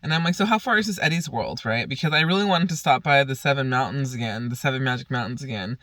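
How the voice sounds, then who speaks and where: A man's voice: mid-range voice, quick pace, fairly bright tone, no room sound. A young man casually telling a rambling, profane story on his vlog, often laughing. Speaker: vlogger.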